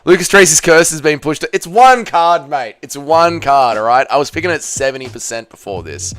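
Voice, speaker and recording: A man's voice: fairly high pitch, expressive, normal speed, a bit bright. Casual man bantering with chat. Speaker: streamer hosting a watch party. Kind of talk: casual live-stream chat reading comments.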